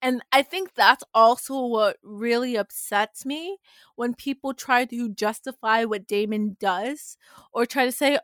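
A woman with a fairly high voice talks as a podcast co-host in casual chat. She is earnest and emphatic and leans on "like" a lot. The sound is dry and close. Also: a little slow, a bit bright, no room sound.

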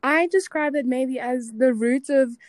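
A thoughtful young woman in her late teens, chatting on a podcast in a fairly high voice. The sound is dry and close, with no room around her, and her talk is casual and reflective. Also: unhurried, no room sound. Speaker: podcast co-host. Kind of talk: casual chat.

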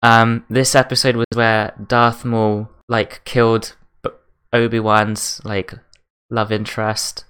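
Smooth-voiced young English podcast host. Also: male voice, fairly low pitch, little pitch movement, slow, fairly bright tone. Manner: stammering, laughs easily. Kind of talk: casual chat.

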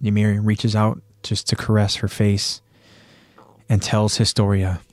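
A man's voice: lowish voice, monotone, unhurried, darkish tone, dry recording, studio quality. A man hosting a podcast, plainly retelling an anime episode with fillers. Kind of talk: episode recap narration.

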